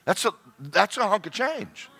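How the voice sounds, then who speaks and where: Male pastor, sermon, lively pitch swings, bright tone. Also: unhurried, creaky, breathy edge. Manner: animated preaching, swings from loud to hushed.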